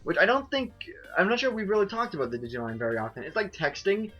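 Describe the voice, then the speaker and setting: A man's voice: sits high, lively intonation, fast, breathy edge, muffled recording, soft background music. A man casually commenting on a video game he is playing, rambling and self-mocking with lots of "like" and restarts. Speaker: let's play host.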